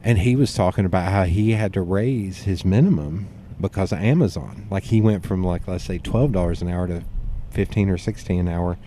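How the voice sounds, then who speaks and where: A man hosting a podcast, telling stories in a relaxed conversational way. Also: sits low, a little hiss or hum. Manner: storytelling, quick and animated with restarts. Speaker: podcast host. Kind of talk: casual conversational interview.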